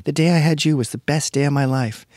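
A man's voice: fairly high pitch, quick pace, darkish tone, no room sound, studio quality, voice pushed up, close to an everyday voice. A man putting on the voice of a gushing, sweet young mother.

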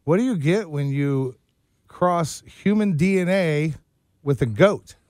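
A man hosting a morning radio show, setting up corny jokes and landing punchlines flat in the studio. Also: fairly high pitch, slow pace, no room sound. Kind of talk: joke-telling morning radio banter. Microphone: studio microphone.

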